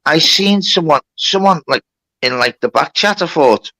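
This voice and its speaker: A man's voice: a little high, animated, normal speed, sharp tone. A man telling a long story on a livestream, with lots of swearing and reported speech. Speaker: livestream host. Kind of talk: casual storytelling.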